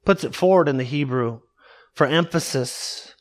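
A man's voice: a little high, normal speed. A man preaching a sermon in an emphatic, conversational way, with wry asides to his congregation. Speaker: pastor.

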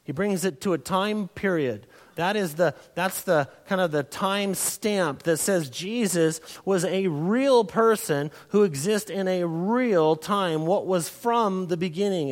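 A man preaching a sermon, emphatic, slowing down and lifting his voice to stress key words. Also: high voice, big-room sound. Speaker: pastor.

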